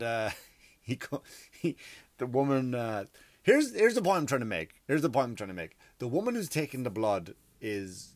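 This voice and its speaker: A medium-pitched man in his thirties with an Irish accent hosts a podcast, recorded without echo. He rambles through a comic story, swearing, restarting often and going off on asides.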